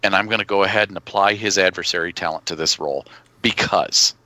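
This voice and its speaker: A man's voice: deep voice, quick pace, bright, forceful tone, no room sound, low-quality recording. A man hosting a podcast, explaining game rules as a game master in casual chat. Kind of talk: casual chat about tabletop games.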